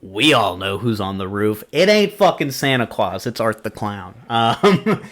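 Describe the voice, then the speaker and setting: A man's voice: fairly low pitch, sing-song, unhurried, a bit bright. A man hosting a podcast, rambling through a casual movie review with lots of fillers, laughs and swearing. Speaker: podcast host.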